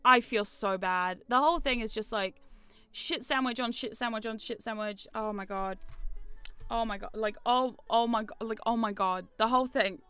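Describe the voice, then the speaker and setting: Bright, clear-voiced New woman streamer. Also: a little high, normal speed, no room sound, soft background music. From New Zealand. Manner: rambling, self-deprecating, swears freely. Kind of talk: casual stream chat. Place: home streaming room.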